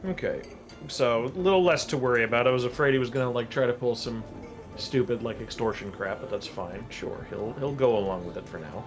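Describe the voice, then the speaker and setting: A man's voice: brisk, over music. A man playing a tabletop game, chatting casually about his character. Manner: casual, chatty, with lively pitch. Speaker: player.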